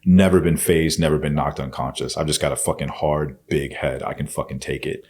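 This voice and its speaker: A man's voice: rumbling low, fairly even intonation, brisk, a little mellow. A man telling his own story as a podcast guest, bluntly and with constant swearing. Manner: blunt, heavy swearing, intense retelling. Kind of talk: candid storytelling.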